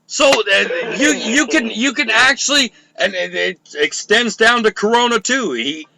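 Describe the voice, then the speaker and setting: A man's voice: high-pitched, measured pace, vocal fry, pushed and bright, dry recording, low-quality recording. A man hosting a live show, ranting with heat and sarcasm and plenty of swearing. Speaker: show host. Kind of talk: profane live political rant.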